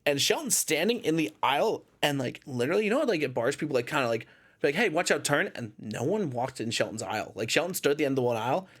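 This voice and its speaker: A man hosting a podcast, telling animated, laughing stories in casual chat. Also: fairly high pitch, fast. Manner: animated storyteller, laughs often. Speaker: podcast host.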